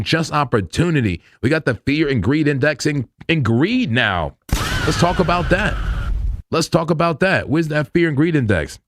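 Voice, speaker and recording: A man's voice: mid-range voice, dry recording, studio quality. Chatty, laughing crypto stream host man. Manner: loose and chatty, laughs often, slangy. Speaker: crypto trading livestream host. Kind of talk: casual live market commentary.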